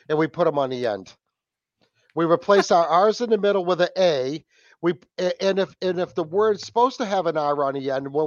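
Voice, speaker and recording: A man with a strong Boston accent talks loosely and rambles, with plenty of fillers and restarts. His voice sits a little high. The recording is dull and muffled, with a dry, close sound. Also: no room sound. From New England. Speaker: podcast guest, host of his own podcast. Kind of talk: casual podcast chat.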